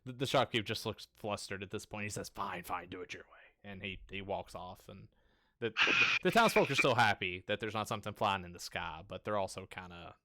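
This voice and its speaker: A man narrating as game master of a live-streamed tabletop game, with lots of halting restarts. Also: lowish voice, expressive, sharp tone, dry recording. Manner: halting, many restarts and fillers. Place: home stream setup.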